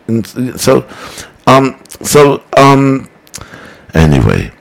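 A man hosting a broadcast, reading listener comments and rambling in a preachy, animated way. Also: medium pitch, extremely slow, gravelly, poor audio. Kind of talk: casual broadcast talk.

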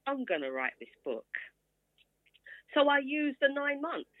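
A woman's voice: sits high, very animated, a little slow, no room sound. A woman in her sixties telling her story in a casual interview and acting out quoted voices along the way. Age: 60s. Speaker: author guest. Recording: tinny phone-like line, dry.

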